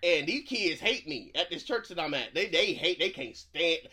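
A man in his thirties hosting a casual faith podcast, telling stories with animated energy and encouraging his guest. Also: a little high, normal speed, husky. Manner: animated storyteller, lively laughs, encouraging affirmations. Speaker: podcast host. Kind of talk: casual chat.

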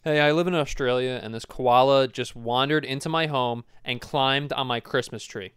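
A man's voice: mid-range voice, moderate pace, clean tone, no echo, studio quality, voice pushed down, natural voice. A man playing a frantic, crude emergency caller. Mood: brash. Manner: shouty, crude, panicky. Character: frantic rude male emergency caller, brash.

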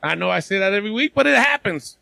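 Lively, gravelly male podcast host. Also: high-pitched, quick pace, dry recording. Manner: profane, laughing, loose banter. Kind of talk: casual chat.

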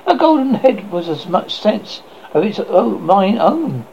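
A man voicing a cackling old witch woman who dotes on her creation, in a sharp high tone, on a dull lo-fi recording with faint noise. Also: big pitch swings, unhurried, vocal fry, exaggerated voice. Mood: fond.

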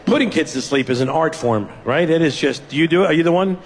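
A man's voice: a little high, quick pace, in a large hall. A man doing a self-deprecating stand-up routine, telling family stories and acting out the dialogue. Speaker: stand-up comedian.

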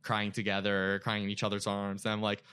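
A young man with a low but bright, forward voice shares a heartfelt personal story in casual talk. He leans on "like" constantly and sounds openly emotional. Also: monotone, brisk, smooth. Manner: emotional, frequent "like" fillers. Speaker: guest.

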